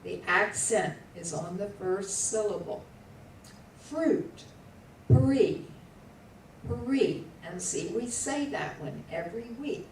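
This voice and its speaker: A woman's voice: lowish voice, animated, slow. A woman teaching a class, patiently drilling words aloud and asking students to repeat them syllable by syllable. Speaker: Hebrew teacher. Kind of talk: classroom lesson. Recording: echoey room, voice from far off, faint background hum.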